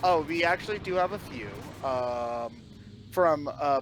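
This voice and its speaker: A man's voice: on the high side, lively intonation, measured pace, a bit bright, a little hiss or hum. A young man co-commentating a charity game stream, reading donations and laughing often. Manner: laughs often while talking.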